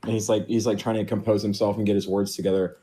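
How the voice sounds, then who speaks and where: A man's voice: on the low side, level tone, fast, dark tone. A man playing a tabletop role-playing game, narrating his character's actions in a rambling way with many fillers. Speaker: player.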